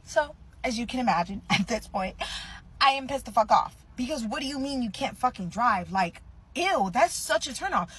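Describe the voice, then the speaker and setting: A woman in her twenties ranting through a storytime to her viewers, animated and profane. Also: a little high, normal speed, husky, poor audio. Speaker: vlogger. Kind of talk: casual storytime rant.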